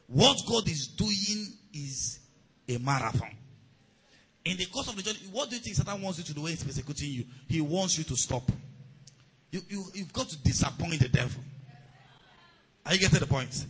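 A high, bright-voiced man delivers a sermon. His voice is very husky and rough, and he leads call-and-response with his congregation, building to shouted exhortations. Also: big pitch swings, a little fast, long pauses, low-quality recording. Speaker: pastor.

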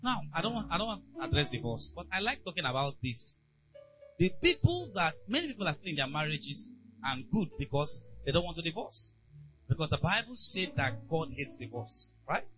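A man preaching a sermon, asking the congregation rhetorical questions and swinging from soft asides to loud emphasis. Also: fairly high pitch, rough recording. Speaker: pastor.

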